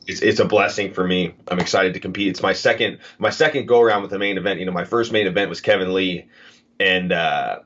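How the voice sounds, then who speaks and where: Man, 30s, very low voice, earnest rambling guest, lo-fi call audio. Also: a little fast, fairly bright tone. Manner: earnest, rambling with many fillers. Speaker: guest fighter. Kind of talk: casual interview chat. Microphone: video call. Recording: dull lo-fi video call audio.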